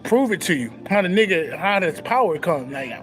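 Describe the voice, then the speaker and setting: A man's voice: high-pitched, big pitch swings, moderate pace, over music, poor audio. A young man, talking casually and profanely with swagger, laughing often. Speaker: spiritual talk host. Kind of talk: casual spiritual monologue.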